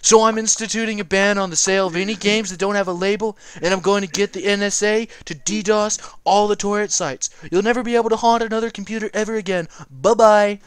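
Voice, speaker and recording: A man's voice: high voice, steady tone, quick pace, few pauses, voice pushed up, lightly acted. A man putting on the voice of a blustering, boastful male president in a comedic reading.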